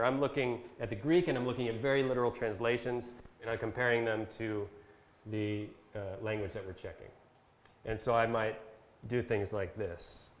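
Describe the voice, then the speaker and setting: Man teaching in an echoey room. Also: mid-range voice. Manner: explains step by step with fillers, reads verses slowly. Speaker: Bible translation consultant presenting a workshop. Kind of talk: casual instructional talk with screen demo. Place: talk given at a camp session.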